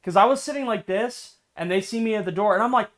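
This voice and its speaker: A young man telling a workplace story in a casual, profane, animated rant, swinging between low mutters and loud bursts. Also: quick pace. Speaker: vlogger.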